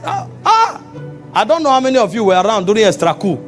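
High-voiced Nigerian preacher. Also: male voice, rapid-fire, soft background music. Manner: animated, rising to shouts. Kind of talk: sermon. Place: church meeting.

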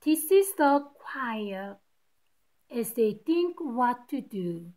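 A woman's voice: fairly high pitch, sing-song, very slow, warm tone. A woman teacher reading a picture book aloud to children, patiently stopping to point out the rhyming words. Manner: patient, explains each rhyme to kids.

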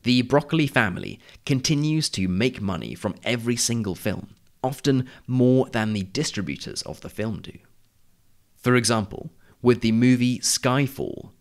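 A man hosting a podcast, narrating a scripted lesson in a clear, measured, explanatory way. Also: medium pitch. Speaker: podcast host.

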